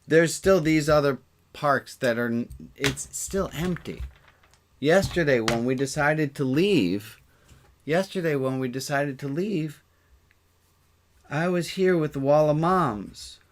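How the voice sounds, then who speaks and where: A man's voice: on the high side, slow pace, a little hiss or hum. A man, a rabbi, talking casually on a livestream, earnest and emotional, thinking aloud as he points out places on a map and sometimes swearing.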